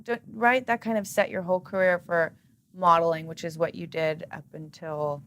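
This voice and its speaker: A woman's voice: lowish voice, fairly even intonation, moderate pace. A woman hosting a casual interview, reacting with enthusiasm and encouraging her guest. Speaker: host.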